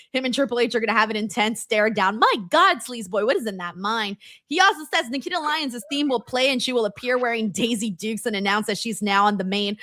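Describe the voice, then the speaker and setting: A young woman hosts a casual wrestling watch-along and talks through viewer messages. Her voice is bright and sits a little high. She gets animated and breaks into loud exclamations. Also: dry recording, clean studio sound. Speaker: wrestling stream host. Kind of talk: casual live-stream chat reading super chats.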